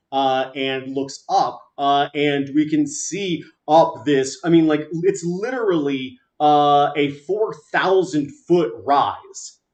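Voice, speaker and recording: A man narrating as game master of a tabletop game, halting and full of filler sounds. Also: mid-range voice, dull audio.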